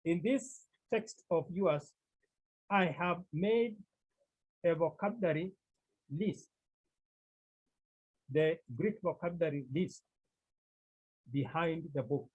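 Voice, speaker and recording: Man, teacher, classroom lecture, repeats himself, slightly high voice, husky. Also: darkish tone, muffled recording. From Cameroon. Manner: slow, repetitive explaining. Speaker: Greek teacher.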